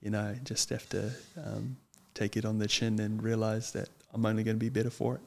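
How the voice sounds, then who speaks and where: A young man, a guest chatting casually in an interview, earnest and hesitant, often pausing with ums. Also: fairly low pitch, little pitch movement, creaky, a little mellow. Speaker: guest, lawyer and wrestler.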